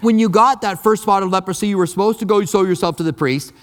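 Guy preaching a sermon, kinda high voice, chatty but punchy, lots of repeating himself, big echoey church. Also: fast talker. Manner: conversational, emphatic preaching with repeated phrases. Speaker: pastor. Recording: long reverb of a large hall.

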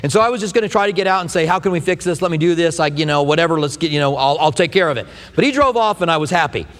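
Middle-aged guy preaching, high lively voice, big hall reverb, jokey storyteller. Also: very fast. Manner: animated storytelling with humor. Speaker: pastor. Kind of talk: sermon.

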